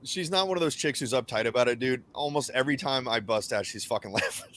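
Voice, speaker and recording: A young man hosting a podcast, telling crude stories in profane, animated casual banter on a close mic. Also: mid-range voice, fast, a little hiss or hum. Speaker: podcast host.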